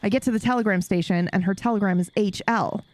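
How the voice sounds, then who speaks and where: A woman's voice: mid-range voice, fast talker, a little mellow, no room sound. A woman streamer chatting casually with her live audience while playing a game, swearing freely and laughing often.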